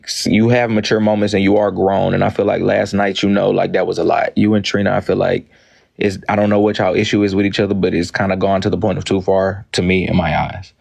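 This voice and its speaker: A man with a low, gravelly voice that stays flat and even. He talks firmly over interruptions and lays down the law bluntly, cursing freely as he moderates a heated live stream argument.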